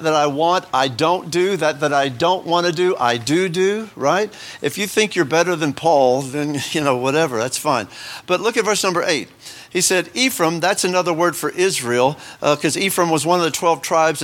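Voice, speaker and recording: A man's voice: on the high side, a bit bright. A man preaching a sermon to his congregation in a loose, conversational way, breaking off into asides and tagging points with "right?". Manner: conversational, self-interrupting, asides and rhetorical "right?". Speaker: pastor.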